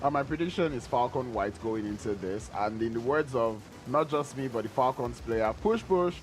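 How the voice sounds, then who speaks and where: A man's voice: medium pitch, normal speed, faint music behind. A man giving an esports prediction, confident in his pick. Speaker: esports analyst.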